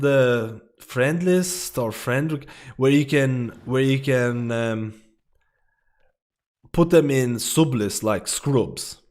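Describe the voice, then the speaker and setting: Rambling casual gamer guy. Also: mid-range voice. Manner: rambling, repetitive, profane, full of "dude" and "man". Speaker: livestreamer. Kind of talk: casual gaming commentary.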